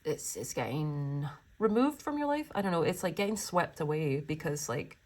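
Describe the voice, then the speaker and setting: Gushing, lower-pitched woman tarot reader. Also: very animated, normal speed, darkish tone. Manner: gushing, emotional, rambling with many fillers. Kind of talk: pick-a-card tarot reading.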